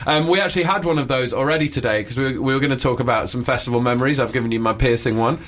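A man from England co-hosting a casual comedy podcast, teasing his friend with quick jokes and mock voices. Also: mid-range voice, fairly bright tone. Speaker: podcast co-host.

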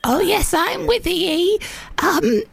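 A woman's voice: extremely high pitch, animated, slow pace, vocal fry, pitched above the performer's own voice, full character voice. A woman putting on a wheezy frail old granny. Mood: fretful. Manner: wheezy, fretful, quavering. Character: frail elderly grandmother on the phone.

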